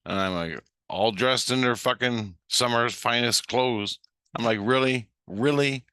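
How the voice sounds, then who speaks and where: A man's voice: mid-range voice, measured pace, clean tone, no echo, clean studio sound. A man rambling in a profane, ranting monologue. He acts out both sides of a conversation as he tells it. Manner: profane, ranting, animated retelling. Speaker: vlogger.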